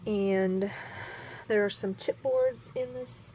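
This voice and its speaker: A woman's voice: mid-range voice, fairly even intonation, takes it slowly, mellow, slight background noise. A woman chatting casually while scrapbooking at her craft table, rambling and poking fun at herself with lots of fillers. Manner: rambling, chatty, self-mocking, many fillers. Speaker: scrapbooking vlogger.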